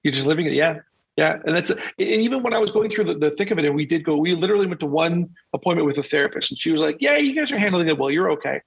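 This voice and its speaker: A man's voice: on the high side, very fast, creaky, husky, dull audio. A man who is a guest on a podcast, telling personal stories openly and confessionally in a casual conversation. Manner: open, confessional storytelling.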